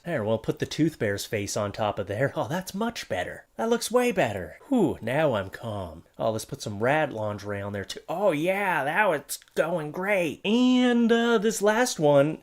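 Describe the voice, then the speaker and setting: A man giving joking, sarcastic commentary on odd items from online listings, as the host of his comedy channel. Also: medium pitch. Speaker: comedy YouTuber.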